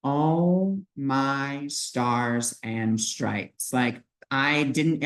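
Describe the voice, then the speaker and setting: A man's voice: fairly high pitch, poor audio. A man talking casually in a spiritual vlog, telling a personal story earnestly, with lots of "like" and "you know". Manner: personal storytelling with many fillers. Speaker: spiritual video creator.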